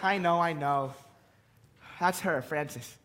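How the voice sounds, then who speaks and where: A young man plays a mopey, self-pitying divorced man with a high, bright voice. He fusses and sighs over everything he says. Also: takes it slowly, a little hiss or hum. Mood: teary. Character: fussy, sentimental divorced man, Felix. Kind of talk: stage play scene.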